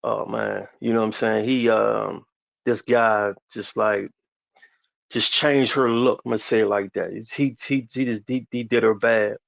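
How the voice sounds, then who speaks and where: A man in his forties from the DC area, a podcast guest telling a personal story slowly and haltingly, with many restarts. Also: fairly low pitch, fairly even intonation, creaky, no room sound. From DMV area, US.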